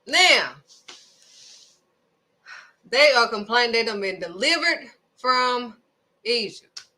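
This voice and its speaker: A woman's voice: on the high side, expressive, slow pace, bright, forceful tone. A woman hosting a devotional video, preaching casually and emphatically, firing off rhetorical questions. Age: adult, raising children.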